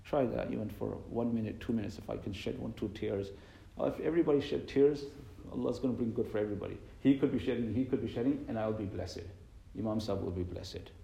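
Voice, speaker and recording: A man preaches in a low, gravelly voice, earnest and repetitive, and he folds Arabic and Urdu words into his English. His tone is dark and mellow, and the sound bounces around an echoey room. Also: fast. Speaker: imam giving a religious talk. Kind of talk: sermon.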